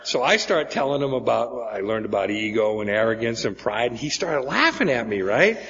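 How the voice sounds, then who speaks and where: Recovery-meeting speaker: man in his forties, mid-pitched, storytelling with "okay?" tags. Echoey hall, dull lo-fi recording. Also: animated, moderate pace, a bit bright. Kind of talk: personal recovery story talk. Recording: echoey hall, dull lo-fi sound, faint noise.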